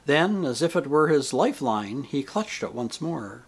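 Male reader, husky voice, lively intonation, measured. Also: mid-range voice. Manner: measured, expressive reading. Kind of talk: audiobook reading.

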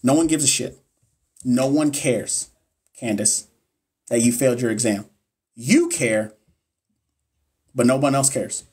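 A man's voice: mid-range voice, measured pace, pauses often, darkish tone, husky. A man coaching nursing students on a livestream. He reads chat comments aloud and answers viewers by name in a blunt, profane, encouraging way.

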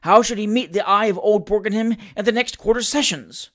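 An audiobook reader narrates a classic comic novel with expressive, theatrical flair, in a mid-range voice at a brisk pace.

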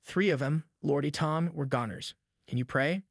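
A man reading the part of a frightened, superstitious country boy who speaks in a rough rustic dialect, in an audiobook. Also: on the high side, normal speed, no echo, studio quality. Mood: frightened hush. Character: scared superstitious boy, rustic backwoods talk.

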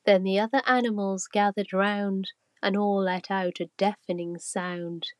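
A woman reading a rhyming children's story aloud, slow and expressive. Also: medium pitch, no room sound.

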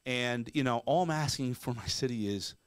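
A podcast co-host, male, speaks in a smooth mid-range voice at a moderate pace on a dry recording. His casual commentary is a profane, emphatic rant in which he performs mock quotes.

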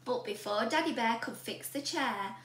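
Animated woman teacher reading a storybook. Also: a little high, moderate pace. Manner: animated, asks the listener questions. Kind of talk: reading a storybook aloud to children. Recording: roomy room with a faint hum.

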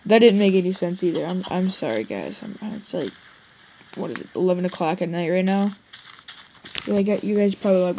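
A woman's voice: lowish voice, moderate pace, long pauses, mellow, slight background noise. A young woman giving rambling, jokey commentary on her own gameplay and talking straight to her viewers. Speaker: let's play gamer. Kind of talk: casual game commentary.

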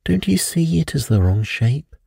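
A man reading a bedtime story, voicing a brooding priest who speaks low and dreamily of evil. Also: very animated, normal speed, gravelly, warm tone, slightly rough, no echo, studio quality, full character voice. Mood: dreamy. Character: mystical, brooding elderly male priest.

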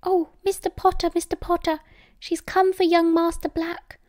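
A woman's voice: extremely high pitch, level tone, normal speed, a little mellow, no echo, clean studio sound, voice pushed up. A woman with a British accent voicing a flustered little male house elf servant in an audiobook, repeating herself in a rush. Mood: anxious. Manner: flustered, stammering repetition.

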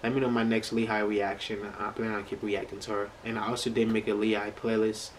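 A man's voice: fairly low pitch, flat delivery, fairly quick, a little hiss or hum, rough recording. Emphatic slangy man reacting. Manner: slangy, emphatic, repeats phrases. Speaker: reaction video host. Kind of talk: casual reaction commentary.

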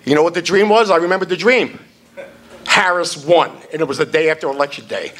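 A man's voice: on the high side, a little fast, fairly bright tone. A man chairing a party event, giving a blunt, salty, off-the-cuff rally speech.

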